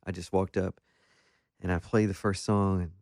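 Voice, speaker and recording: Guest, male, deep voice, dry close sound, animated self-deprecating storyteller in a casual interview. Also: moderate pace, creaky, no room sound. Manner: animated, self-deprecating anecdotes with many restarts. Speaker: guest musician.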